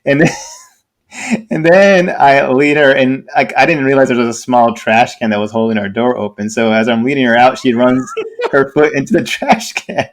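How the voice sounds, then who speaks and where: A man telling a story in casual podcast chat, laughing often and acting out voices. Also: normal speed. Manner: animated, laughing, acts out voices in high pitch. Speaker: podcast co-host.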